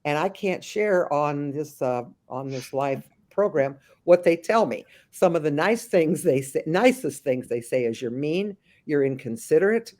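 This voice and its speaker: Animated storytelling woman consultant. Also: sits low, a little slow, few pauses. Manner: animated storyteller, slips into voices of the people she describes; frequent restarts and thinking aloud. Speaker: memory care consultant, guest. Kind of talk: interview answers with acted-out anecdotes.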